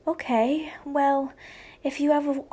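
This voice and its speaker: A young woman reading the lines of a protective, angry teenage boy wizard in a loud, forceful way. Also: sits high, steady tone, slow.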